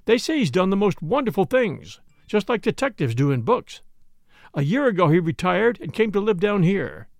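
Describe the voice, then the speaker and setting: A man's voice: high-pitched, sing-song, moderate pace, gravelly, no echo, clean studio sound, heavily acted. A man voicing an earnest, defiant young woman who pleads insistently in an audiobook reading.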